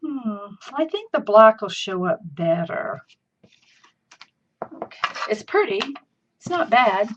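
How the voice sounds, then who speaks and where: With a mid-range voice, this Southern woman is very animated yet takes it slowly, leaving long pauses as she chats folksily through a live-streamed craft tutorial. She's chatty and laughs easily. The dull lo-fi stream audio carries a little hiss or hum.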